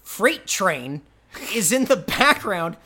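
A man co-hosting a podcast, chatting casually with a lively, bouncing pitch. His voice is bright and forward, and his talk is loose, profane and full of laughs. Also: takes it slowly, slightly rough. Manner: profane, rambling, laughs often. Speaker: podcast co-host.

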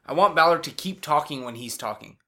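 A man's voice: on the high side, lively intonation, bright, forceful tone. Easygoing man in casual podcast chat. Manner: easygoing, agreeable, with quick reactions. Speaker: podcast co-host.

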